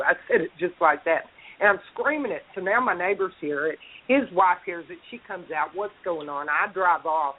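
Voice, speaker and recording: A woman's voice: fairly low pitch, normal speed. A woman tells a story in a blunt, profane, heated way. She sounds like she is calling in, with a thin, phone-line quality to the sound. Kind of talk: casual storytelling on a podcast call.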